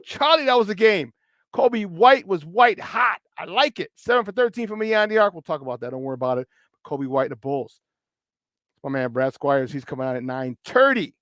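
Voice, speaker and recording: High-pitched, hyped sports host. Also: male voice, no echo, clean studio sound. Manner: hyped, playful, shouting out listeners. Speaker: sports talk radio host. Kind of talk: morning sports talk show. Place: studio.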